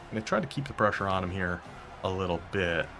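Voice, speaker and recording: A young man commentating his own football video game as he plays, talking to himself and reacting with sudden excitement and frustration. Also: deep voice, music in the background. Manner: talks to himself while playing, quick bursts of excitement and frustration. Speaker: gaming YouTuber. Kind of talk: live gameplay commentary.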